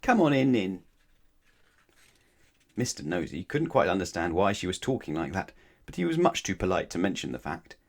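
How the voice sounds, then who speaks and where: A man reading a children's bedtime story aloud in a gentle, expressive storytelling manner. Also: deep voice, fast. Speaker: storybook reader.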